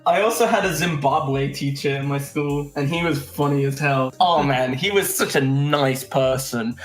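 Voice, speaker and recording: A man's voice: fairly high pitch, moderate pace, roomy sound, soft background music. A man co-hosting a podcast, telling rambling, profane stories in casual chat. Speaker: podcast co-host.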